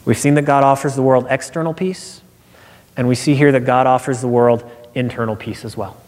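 A man's voice: medium pitch, brisk. Earnest male preacher in a reverberant hall. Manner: earnest, expressive storytelling with acted-out quotes. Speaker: pastor. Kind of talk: sermon.

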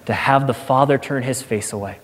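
A man preaching a sermon in an earnest voice, moving from hushed, quiet lines to emphatic repeated phrases. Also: mid-range voice, brisk. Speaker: pastor. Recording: long reverb of a large hall.

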